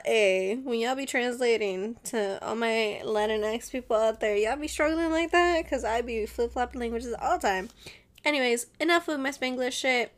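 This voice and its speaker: Woman, host, casual solo chat, slow pace, rambling, laughs often, mixes in Spanish. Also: on the high side, fairly bright tone. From Mexican family. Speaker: podcast host.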